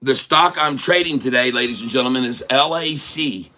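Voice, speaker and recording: A man hosting a live day-trading stream from home, talking loudly and joking as he reads out his buy and sell numbers. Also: mid-range voice, normal speed. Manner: loud, chatty, jokey. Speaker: host.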